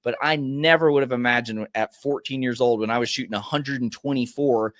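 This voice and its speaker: A man's voice: mid-range voice, a little fast, fairly bright tone, no echo, studio quality. A young man, a mental golf coach and podcast guest, giving earnest, encouraging advice in casual chat with frequent "uh"s.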